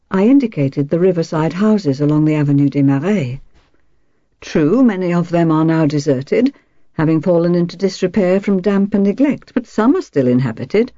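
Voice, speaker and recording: A woman narrating a first-person story in a measured, even reading. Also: lowish voice, no room sound. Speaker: audiobook narrator. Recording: dull, dry audiobook recording.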